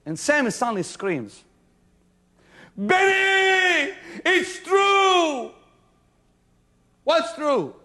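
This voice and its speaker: A male pastor preaching a sermon to a congregation, shouting some lines and dropping to a near hush on others. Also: on the high side. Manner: preaching with sudden shouts and hushed stretches. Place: church before a congregation.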